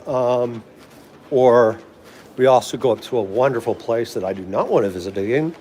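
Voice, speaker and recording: Man, DC accent, middle-aged, casual livestream chat, rambling, laughs a lot, medium pitch. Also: moderate pace, warm tone, a little hiss or hum. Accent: DC area. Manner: rambling, chatty, laughs often, answers viewer comments. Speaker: livestream host.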